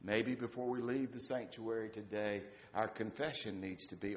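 A man preaching a sermon in a church sanctuary, telling stories and dropping to a quiet, reflective tone. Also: on the low side, moderate pace, few pauses, a little hiss or hum. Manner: storytelling, shifting from lively to hushed and reflective. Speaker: pastor.

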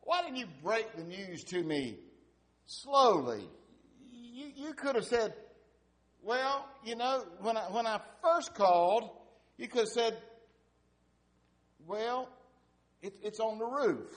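A man's voice: high-pitched, animated, slow, long pauses, voice pushed up. A man voicing an exasperated wife who scolds her husband in a pleading tone.

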